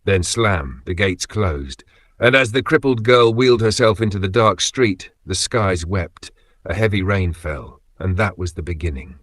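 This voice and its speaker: A man narrating a scripted dramatic story in short, measured phrases. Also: low-pitched, expressive, fairly bright tone, dry recording.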